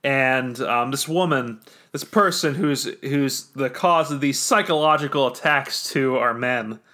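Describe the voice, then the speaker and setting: A man's voice: medium pitch, measured pace, pushed and bright. A man voicing a giant, laid-back warrior who talks in slang and calls everyone dude. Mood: casual.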